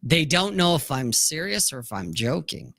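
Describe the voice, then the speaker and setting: A man's voice: fairly high pitch, big pitch swings, normal speed, a bit bright, no echo, studio quality. A man in casual podcast talk, blunt and profane, who acts out both sides of conversations as he talks.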